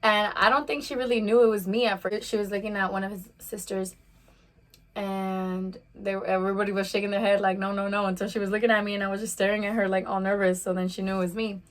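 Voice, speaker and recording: A woman in her twenties telling a personal story on a casual vlog while eating, talking fast with lots of "like" fillers. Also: mid-range voice, steady tone. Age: 20s. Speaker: vlogger.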